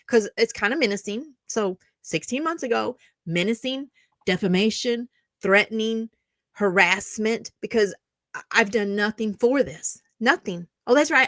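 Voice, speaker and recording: A woman's voice: medium pitch, a little slow, a bit bright, no room sound, clean studio sound. A woman YouTuber ranting back at online commenters, sarcastic and indignant, mocking them at length.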